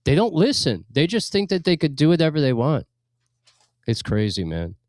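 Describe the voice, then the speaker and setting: A man's voice: on the high side, huge pitch swings, normal speed, darkish tone, no room sound, studio quality. A man co-hosting a radio show in casual chat, blunt and opinionated, laughing now and then as he talks. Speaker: radio co-host.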